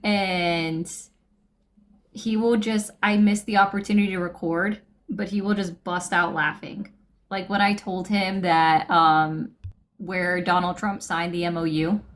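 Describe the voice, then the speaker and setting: A woman's voice: fairly low pitch, fairly even intonation, slow pace. A woman co-hosting a live show, chatting casually and telling stories. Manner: chatty, storytelling. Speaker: co-host. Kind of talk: casual chat.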